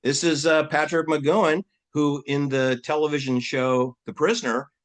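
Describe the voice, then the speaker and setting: Animated man firing off mocking questions. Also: normal speed. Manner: animated, mocking rhetorical questions, pitch jumping up for emphasis. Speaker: channel host. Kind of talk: rambling casual commentary.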